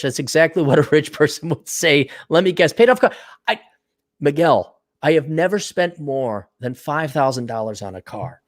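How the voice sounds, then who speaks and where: A man's voice: a little high, sing-song, a little fast. A middle-aged man hosting a solo podcast, talking casually and bluntly with lots of profanity and sardonic asides, just woken up. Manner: blunt, profane, sardonic, laughs at own jokes. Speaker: podcast host. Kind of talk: casual solo podcast rant, reading listener donations.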